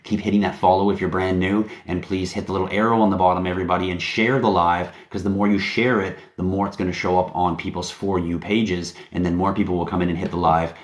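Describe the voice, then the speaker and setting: Guy, low voice, rambling and hyped, cusses casually on his livestream. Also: roomy sound. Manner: rambling, hype-driven, casually profane. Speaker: livestream host and company founder.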